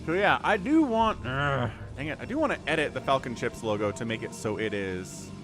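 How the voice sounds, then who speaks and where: An upbeat, talkative man hosts a live game stream at a middle pitch, greeting and thanking viewers by name. Clear music plays behind his voice the whole time. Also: sing-song, fairly quick.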